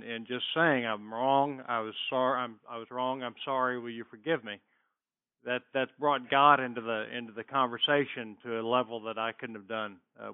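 A man's voice: mid-range voice, smooth, dry recording. A middle-aged man leading a small men's Bible class, informal and full of fillers and restarts as he quizzes the group. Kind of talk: small-group teaching with prayer. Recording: tinny phone-like sound.

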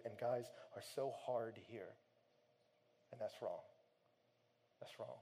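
A man preaching a sermon, swinging between quiet, gentle passages and loud, emphatic shouting. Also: mid-range voice, takes it slowly, pauses often, husky. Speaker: pastor.

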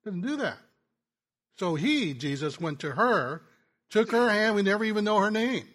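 A male pastor preaching a sermon in a conversational, storytelling way, often restarting his words and going soft and quiet in tender moments. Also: high-pitched, expressive, normal speed. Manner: frequent restarts and stammers. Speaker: pastor and ministry teacher.

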